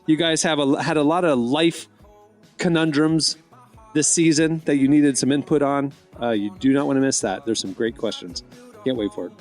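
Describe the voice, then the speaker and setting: A man's voice: medium pitch, steady tone, moderate pace, a little mellow, faint music behind. A man hosting a podcast, introducing segments and guests with an upbeat, announcer-like delivery. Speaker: podcast host. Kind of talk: host intros and read sponsor ad.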